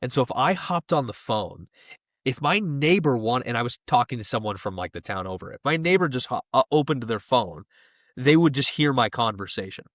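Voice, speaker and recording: A man's voice: medium pitch, expressive, brisk, a bit bright, no room sound, studio quality. A young man co-hosting a podcast, chatting casually and animatedly, often laughing and slipping into quoted voices. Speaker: podcast co-host. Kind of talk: casual chat.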